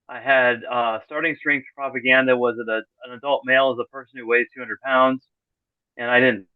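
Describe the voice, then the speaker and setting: A middle-aged man speaks as a podcast guest in a loose, conversational way. He often restarts his sentences and drops in deadpan sarcasm. His voice comes through a thin, phone-like line with no room echo. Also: medium pitch. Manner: rambling, self-correcting, dry sarcastic humor. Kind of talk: casual conversational interview. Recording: tinny phone-like call audio.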